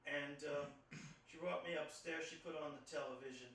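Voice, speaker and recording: An older man from New York telling a personal story in a reflective, halting way, often repeating words as he recalls. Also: a little high, fairly even intonation, fairly bright tone, a little hiss or hum. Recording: very echoey room, distant mic.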